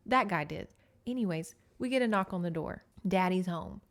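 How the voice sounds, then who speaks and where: A woman's voice: on the low side, animated, moderate pace. A woman with a Southern US accent hosting a podcast, recapping a book in a chatty, sarcastic way full of asides. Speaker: podcast host.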